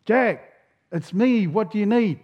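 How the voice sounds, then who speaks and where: A pastor voicing God, calm and questioning. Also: male voice, sits high, a little slow, voice pushed up. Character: calm male God speaking from above. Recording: dull lo-fi sound.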